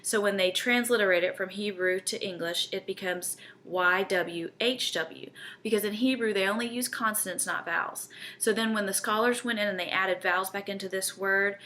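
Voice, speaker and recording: A woman's voice: mid-range voice, normal speed, a bit bright, a little hiss or hum. A woman, teaching a Bible study in an earnest, conversational way and often checking in with her listeners.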